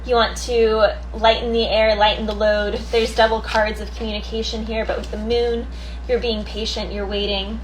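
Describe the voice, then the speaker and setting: A woman's voice: on the high side, level tone, normal speed, slight background noise, poor audio. A woman doing a casual tarot card reading, chatty, thinking aloud and laughing easily. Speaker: tarot reader.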